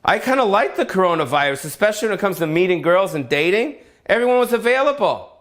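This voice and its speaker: A man's voice: high-pitched, sing-song, fast, a bit bright. A middle-aged man, a comedian, delivering a brash, profane and rambling solo rant from his home. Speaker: comedian hosting his own show. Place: home in Las Vegas.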